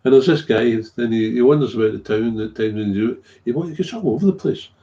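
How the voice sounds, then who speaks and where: Man, warm mellow tone, casual rambling recovery talk, dull lo-fi sound. Chuckles as he goes. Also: mid-range voice, fairly quick. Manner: rambling, repeats himself, chuckles often. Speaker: recovering alcoholic sharing his story. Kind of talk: casual monologue. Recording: dull lo-fi recording.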